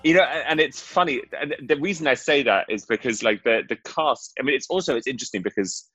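A man's voice: medium pitch, quick pace, pushed and bright, husky, no room sound, soft background music. Chatty man, dry close sound. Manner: chatty, laughing, rambling. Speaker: guest singer. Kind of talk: casual chat.

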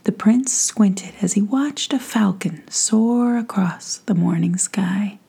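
A woman softly whispering a bedtime fairy story at home in a hushed, slow manner. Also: mid-range voice, gravelly, breathy edge. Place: home with a pet nearby.

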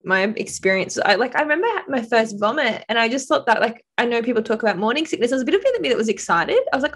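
A woman chatting casually as co-host, telling stories animatedly and acting out quoted lines with big jumps in pitch. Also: lively intonation, fairly quick, few pauses. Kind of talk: casual chat.

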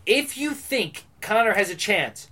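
A man's voice: high voice, lively intonation, unhurried, bright, forceful tone. A man in casual podcast chat, brash and opinionated, swearing freely as he argues his point.

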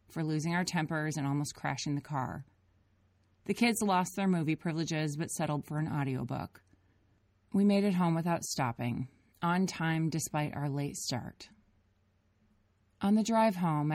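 A woman with a low, rich voice reads her own family memoir aloud. She tells it in an earnest, reflective way, like an audiobook. The recording is dry and close, with no room sound. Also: a little mellow, no echo. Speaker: parent narrating her own story.

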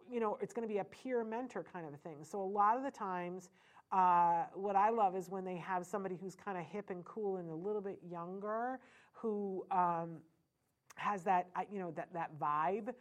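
A middle-aged woman talking earnestly to parents, animated and full of restarts and fillers. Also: mid-range voice. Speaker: parent educator speaking to parents. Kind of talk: informal talk to an audience.

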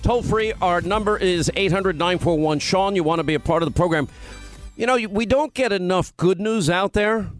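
A man's voice: high voice, moderate pace, soft background music. A middle-aged man hosting a political talk radio show, emphatic and scoffing as he argues his point into a studio microphone. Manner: emphatic, scoffing, mocks opponents.

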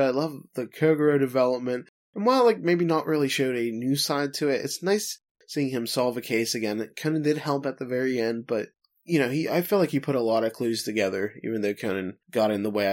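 A man co-hosting a casual podcast, talking in a playful, teasing way with quick asides. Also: mid-range voice, darkish tone. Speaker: podcast co-host.

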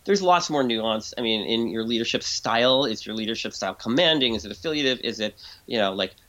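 This male guest expert, speaking in an interview, explains in a conversational, lively tone, often beginning sentences again and performing voices for quotes. He has a medium pitch and a brisk pace.

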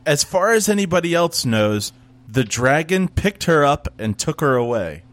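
A man's voice: a little high, sing-song, moderate pace, a bit bright, dry recording. A man in casual chat, sarcastically recapping a TV show and acting out the characters. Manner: sarcastic, acts out characters mid-story.

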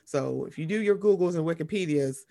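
Lady podcast cohost, casual chat, swears a lot, goes loud and high then drops low. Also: gravelly. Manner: animated, profane, quick swings in pitch and volume. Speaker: podcast co-host.

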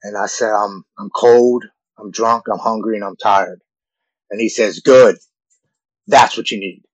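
A man in his forties telling a deeply personal story in an earnest, halting way, often repeating words when moved. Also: steady tone, no echo, low-quality recording. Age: 40s.

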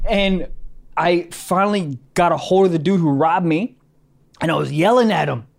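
A man's voice: on the high side, normal speed, gravelly. A man co-hosting a podcast in casual chat, ranting in a profane, fired-up way. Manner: rants with rising outrage, profane. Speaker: podcast co-host.

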